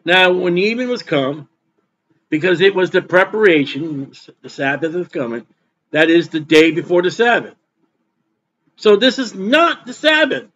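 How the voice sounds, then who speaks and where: A man's voice: high voice, lively intonation, measured pace, fairly bright tone, dull audio, a little hiss or hum. A man preaching a sermon as pastor, emphatic and repeating his points for stress.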